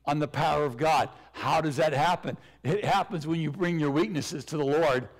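A male pastor preaching a sermon with a hoarse, cracking voice, speaking earnestly with repetition. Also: a little high, moderate pace. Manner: earnest, repetitive preaching with self-deprecating laughs.

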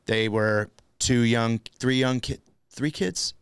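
A man hosting a casual comedy podcast, telling a self-deprecating story with lively energy and acted-out outbursts. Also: mid-range voice, takes it slowly, clear, resonant tone, no room sound. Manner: animated, self-deprecating storyteller, acts out his own shouts. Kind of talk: casual chat.

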